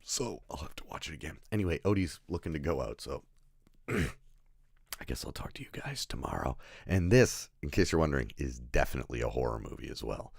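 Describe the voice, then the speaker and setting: Very deep gravelly man rambling. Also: very animated, a little fast, no echo, clean studio sound. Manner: rambling, self-interrupting, laughs at own jokes, swears. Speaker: film reviewer. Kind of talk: casual spoken film review.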